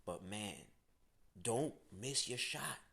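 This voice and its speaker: A man's voice: on the low side, animated, takes it slowly, creaky, sharp tone. A man, ranting bluntly and casually as an astrology host, swearing and using slang. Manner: blunt, profane, slangy, emphatic. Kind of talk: casual direct-to-camera rant.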